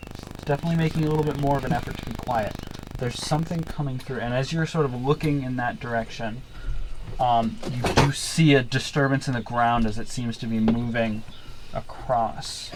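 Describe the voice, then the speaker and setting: Game master, male, mid pitch, hesitant narration, noisy recording. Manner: halting, filler-heavy narration. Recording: noisy room.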